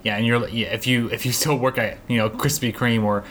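A man's voice: medium pitch, fairly even intonation, brisk, fairly bright tone, a little hiss or hum. A man in his twenties in casual chat, blunt and swearing heavily as he rants. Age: 20s.

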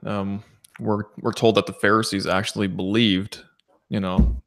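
Low-voiced man in eager Bible chat. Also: level tone, measured pace, vocal fry. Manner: affirming, addresses listeners as brothers and sisters. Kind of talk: casual scripture discussion.

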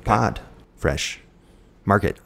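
A man's voice: lowish voice, very slow, creaky. A man chatting casually with a friend, joking and swearing as he tells stories. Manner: joking, profane, animated storytelling. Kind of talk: casual chat.

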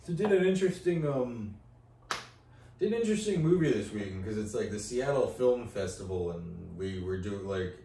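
A man's voice: lowish voice, lively intonation, moderate pace, vocal fry, warm tone. Man, podcast co-host, casual rambling chat, swears, echoey room, faint hiss. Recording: roomy, distant mic with faint noise.

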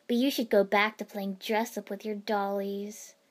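A woman reading the lines of a cocky young female ninja, loud and mocking. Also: mid-range voice, little pitch movement, normal speed, close to an everyday voice. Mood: taunting.

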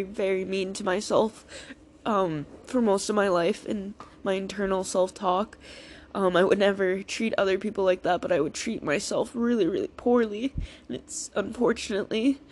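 A woman's voice: medium pitch, darkish tone. A woman in a raw, emotional personal vlog, talking through tears, reassuring herself and swearing freely. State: crying, emotional. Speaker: vlogger.

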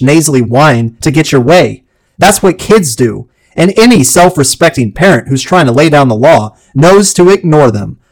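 A theatrical man hosting a solo podcast, his voice sitting a little higher than most men's. He strings ornate words into punchy lists. When he quotes, he sinks low and slow. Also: rough recording. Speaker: podcast host.

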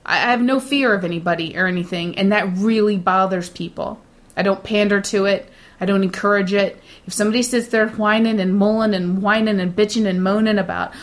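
A woman's voice: mid-range voice, steady tone, fairly quick. A middle-aged woman, a shift supervisor, chatting casually in a blunt, self-assured way and mocking others with put-on voices when she quotes them. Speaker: data center shift supervisor. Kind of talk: casual chat.

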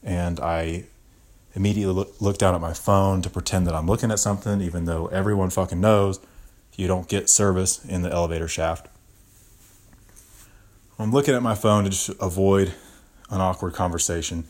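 A man's voice: deep voice, steady tone, normal speed, long pauses, a little mellow. A young man hosting a podcast, ranting with exaggerated mock outrage and constant swearing. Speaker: podcast host. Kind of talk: comedic podcast rant.

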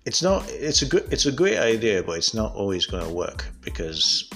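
A deep-voiced man from Africa talks straight into the mic, pepping up his listeners. He rambles, trips over his own words, and chuckles at himself as he opens up. Faint music plays behind him. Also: very animated, moderate pace, fairly bright tone. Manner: candid, rambling, laughs at himself. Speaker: podcast host. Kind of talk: solo motivational talk.

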